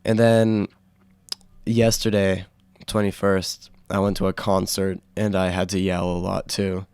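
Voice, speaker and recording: A young man hosting a casual solo podcast, rambling with fillers and restarts, his throat sore from yelling. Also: sits low, flat delivery, measured pace, smooth, dry recording. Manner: rambling, full of fillers and self-corrections. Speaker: podcast host.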